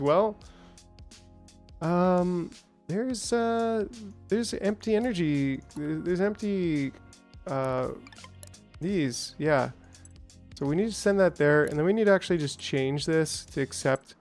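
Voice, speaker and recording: A man's voice: a little high, a little slow, soft background music. A man giving casual, rambling commentary on his gameplay, chatting with viewers and now and then greeting them in playful, silly voices. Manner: chatty, reads out and answers chat, rambling asides. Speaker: gaming streamer.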